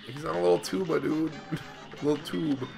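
A man's voice: fairly high pitch, steady tone, moderate pace, vocal fry, darkish tone, soft background music. A young man hosting a co-op let's play, joking, laughing and swearing through casual gaming commentary. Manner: profane, laughing, teasing banter.

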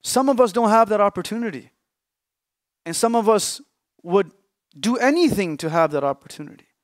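Young male preacher, high voice, dry close recording, emphatic sermon that drops into hushed pauses. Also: animated, no room sound. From Canada. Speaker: Islamic scholar. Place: mosque or lecture hall.

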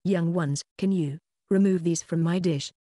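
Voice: fairly even intonation, unhurried, warm tone, dry recording, lightly acted. A narrator voicing a frail old woman who is hard of hearing, with a shaky manner, in a dry close recording. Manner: shaky, raising pitch on questions.

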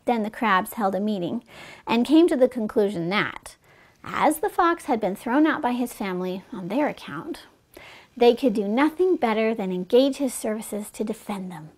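A woman storyteller reads fables aloud to children, adding gentle, chatty asides for her listeners. Her voice is on the high side and animated, at a normal speed.

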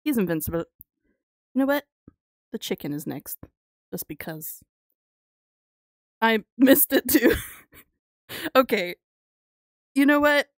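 A woman streaming a game live, commenting casually, excitable, laughing often and swearing freely. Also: fairly high pitch, slow, pauses often, no room sound, clean studio sound.

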